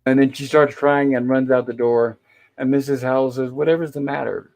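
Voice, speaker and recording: A man's voice: mid-range voice, flat delivery, normal speed, darkish tone, poor audio. A man hosting a casual review show, retelling old sitcom scenes and quoting the characters in his own voice. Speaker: host. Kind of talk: casual episode recap, reading scenes aloud.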